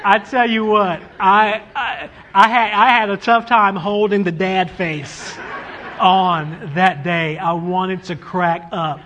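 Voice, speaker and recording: A man in his forties, a father casually telling a story about raising his sons, animated and acting out his kids' voices. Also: high voice, takes it slowly, highs cut off, slight background noise. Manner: animated, acts out his children's voices in quotes.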